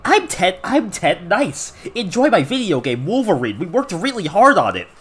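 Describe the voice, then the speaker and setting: A streamer putting on the voice of a smug, deadpan game-studio boss who keeps introducing himself and pitching his games in a flat corporate tone. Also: moderate pace, husky.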